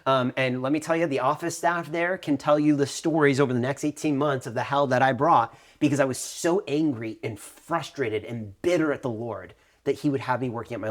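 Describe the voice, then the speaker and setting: A man in his thirties co-hosting a faith podcast, telling a personal story in a lively way and acting out what others said. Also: medium pitch. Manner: animated storytelling, acting out quoted voices. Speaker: podcast co-host. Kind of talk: conversational testimony.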